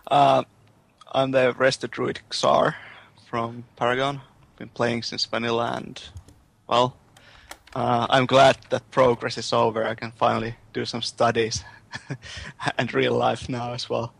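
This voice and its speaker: Young guy, super gravelly n flat, low-ish voice, laid back. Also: unhurried. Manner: relaxed, matter-of-fact recounting. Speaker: guest, guild raider.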